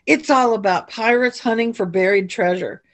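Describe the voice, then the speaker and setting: A woman voicing a cheerful young bunny boy who loves books, in an eager, bright storybook voice. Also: on the high side, normal speed, lightly acted.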